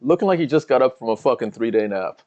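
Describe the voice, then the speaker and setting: A man's voice: medium pitch, expressive, quick pace, darkish tone, dull audio. A man co-hosting a fight watch-along livestream, chatting casually, laughing often and reading out chat comments.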